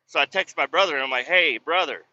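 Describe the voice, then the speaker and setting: A man's voice: on the high side, quick pace, bright, forceful tone, no echo, highs cut off. A man in his thirties hosting a solo podcast, ranting casually and profanely in a rambling, exasperated way. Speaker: podcast host.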